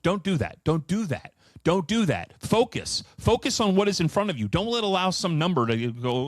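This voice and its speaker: A middle-aged man giving an animated solo finance presentation, emphatic and sardonic with profane asides. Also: fairly high pitch, a little fast, no echo. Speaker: finance commentator.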